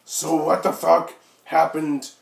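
A man's voice: on the high side, little pitch movement, slow, vocal fry, slight background noise. Man doing a hammy mock reading. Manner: over-the-top, flipping between silly voices and asides. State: sore throat from coughing. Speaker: comedic reader. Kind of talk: mock dramatic reading with friends. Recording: echoey room.

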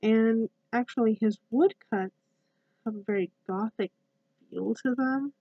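Slow, hesitant young woman with a croaky voice. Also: fairly high pitch, dry recording. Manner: hesitant, frequent ums and restarts. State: croaky from a cough. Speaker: college student presenter. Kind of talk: class presentation with poem reading. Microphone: laptop built-in mic. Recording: dull lo-fi laptop audio.

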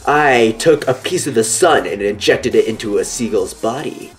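A man's voice: medium pitch, lively intonation, moderate pace, hardly any pauses, soft background music. A man doing goofy let's-play commentary, playful and joking. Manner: goofy, playful, drops into silly voices. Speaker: gaming YouTuber.

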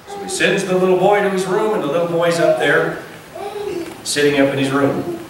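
A man's voice: on the high side, moderate pace. Man preaching in an echoey, noisy hall. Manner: acts out dialogue in a story. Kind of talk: sermon storytelling. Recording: echoey room from far off, noisy.

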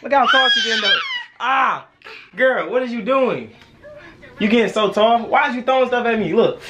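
A man's voice: extremely high pitch, normal speed, heavy background noise. A man filming a casual home vlog as a young father, playfully laughing and scolding his toddler in a bedroom.

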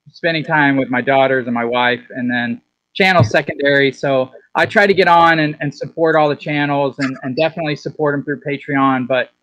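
A man's voice: fairly high pitch, fairly bright tone, no room sound, rough recording. A man guesting on a whiskey livestream, talking earnestly and restarting his words often. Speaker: fellow whiskey YouTuber guest. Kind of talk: casual livestream chat.

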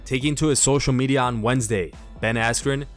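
A man narrating sports news in a steady, scripted read-aloud delivery. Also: medium pitch, brisk, soft background music.

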